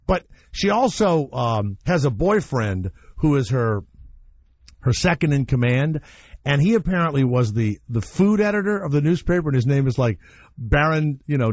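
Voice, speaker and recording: There's no echo here and the high frequencies are cut off. A medium-pitched male radio host chats casually, spinning animated stories full of strong opinions and blunt swearing.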